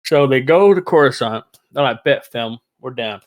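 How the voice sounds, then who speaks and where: A man hosting a casual fan podcast, talking in an excitable, rambling way and laughing easily. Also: mid-range voice, normal speed. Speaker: podcast host.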